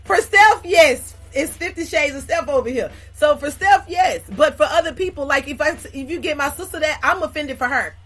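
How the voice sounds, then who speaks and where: A woman's voice: sits high, animated, moderate pace, few pauses, a bit bright. A woman co-hosting a casual chat show, emphatic and outspoken. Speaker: podcast co-host.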